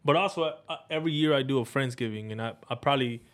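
A man from Mexico talks loosely as an interview guest, full of slang, cursing and false starts. His pitch sits in an ordinary middle range for a man, and he wanders from point to point in a relaxed, conversational way. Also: fast. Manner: slangy, profane, rambling with restarts. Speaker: guest, shop owner and cook. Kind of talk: casual interview chat.

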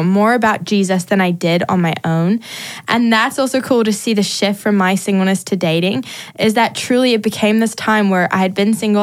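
A woman talking as a podcast guest in a bubbly, chatty way, full of fillers. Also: mid-range voice. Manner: bubbly and talkative, many likes. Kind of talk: casual chat.

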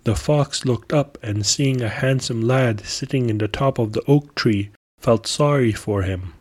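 Slow, husky-voiced male storyteller. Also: mid-range voice, darkish tone. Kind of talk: scripted narration.

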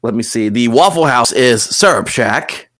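A man's voice: medium pitch, expressive, normal speed, fairly bright tone. Rambling Southern man hosting a podcast. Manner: rambling, many fillers and restarts. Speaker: podcast host and game master. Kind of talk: casual podcast chat.

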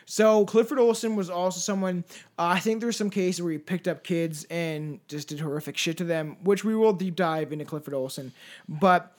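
Man, high-pitched voice, casual true-crime podcast talk, profane and jokey, words trailing off. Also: normal speed. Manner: profane, joking, trails into mumbles. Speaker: podcast co-host.

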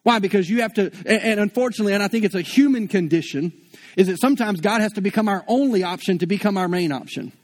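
A man's voice: high voice, fast talker. A pastor preaching a sermon in a conversational way, asking rhetorical questions and often repeating words as he goes.

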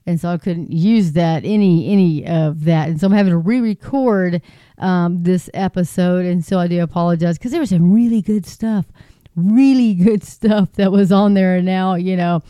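A woman's voice: on the low side, normal speed, warm tone, no echo. A woman hosting her own podcast, talking off the cuff in a rambling, chatty way with restarts and asides. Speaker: podcast host. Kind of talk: casual solo podcast commentary. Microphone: podcasting microphone.

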